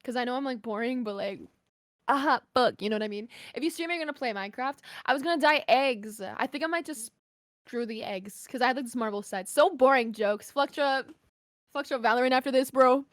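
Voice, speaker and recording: A young woman streamer chatting casually with her viewers and a podcast host, full of quick asides. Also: sits high, no echo, clean studio sound. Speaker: streamer guest. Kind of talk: casual livestream chat.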